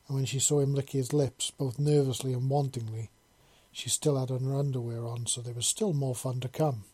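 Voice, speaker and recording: A man narrating a storybook chapter in a calm, unhurried, even way. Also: mid-range voice, breathy edge. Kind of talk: storybook reading.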